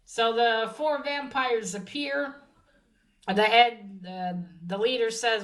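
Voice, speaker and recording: A woman's voice: fairly high pitch, slow pace, fairly bright tone, low-quality recording. A woman giving a casual comic book review, chatty and profane, with many fillers and restarts.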